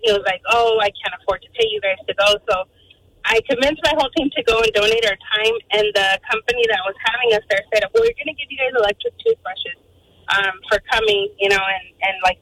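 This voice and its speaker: A woman caller tells her story down a tinny phone line. Her pitch leaps about and she rushes through it with lots of fillers. The tone is bright and forward. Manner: animated, fast, many fillers.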